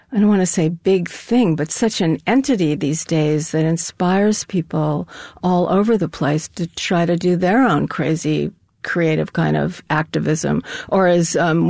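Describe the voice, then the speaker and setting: A woman's voice: lowish voice, vocal fry, darkish tone, no room sound, studio quality. An older woman, a guest in an interview, talking in a casual, chatty way. She rambles a little and laughs often. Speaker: guest, co-founder of an anonymous artist collective.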